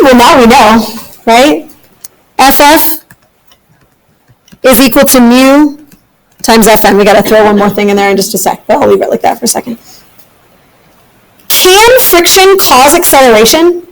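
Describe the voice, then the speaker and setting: A woman's voice: high-pitched, poor audio. A woman teaching a physics class, upbeat and often checking in with her students. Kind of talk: classroom lecture.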